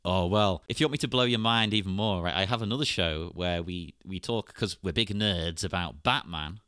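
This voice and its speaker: A man's voice: low voice, moderate pace, fairly bright tone, clean tone, dry recording, clean studio sound. A man hosting a podcast, chatting casually and laughing often. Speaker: podcast host. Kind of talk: casual chat.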